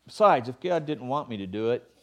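Pastor, male, preaching with an animated, lively voice and mocking asides. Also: medium pitch, a little fast. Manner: animated, acts out quoted voices with sarcasm. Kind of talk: sermon.

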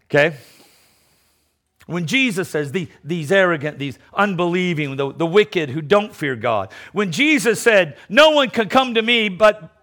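Emphatic, lively-voiced man preaching a sermon. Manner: emphatic, swings between loud declarations and low mocking asides; repeats words in quick restarts.

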